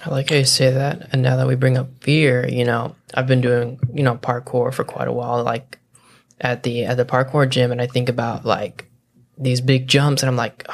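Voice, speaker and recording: A young man talking as a podcast guest in an easygoing, relaxed way. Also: medium pitch, normal speed, creaky. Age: young adult. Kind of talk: casual chat.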